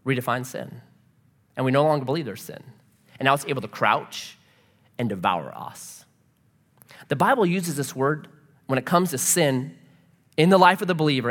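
A man preaching a sermon as a pastor, telling stories with lively energy. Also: medium pitch. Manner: animated storytelling preacher. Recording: reverberant hall.

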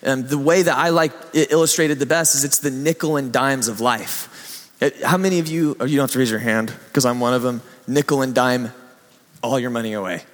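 A man preaching a sermon, telling stories in an animated way and acting out little voices. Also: mid-range voice, fairly quick, big-room sound. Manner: animated storytelling, acts out voices. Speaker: pastor.

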